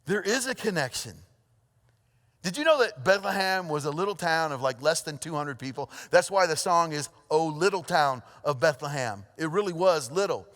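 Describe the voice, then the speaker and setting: A pastor preaching a sermon, telling a story with lively energy, then dropping to a hushed, earnest tone. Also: male voice, fairly high pitch, normal speed. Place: church auditorium. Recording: long hall reverb.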